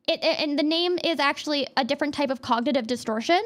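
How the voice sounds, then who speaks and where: A woman's voice: fast talker, fairly bright tone. A young woman streamer giving a casual, rambling talk about cognitive distortions, full of fillers and restarts. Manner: reads chat and thanks viewers in a high squeal. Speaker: VTuber streamer.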